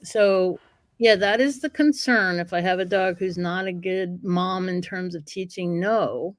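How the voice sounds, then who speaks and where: A woman guest in a casual interview, a lively storyteller who often acts out what dogs would say. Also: on the low side, unhurried, no room sound, studio quality. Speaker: guest, dog breeder and trainer.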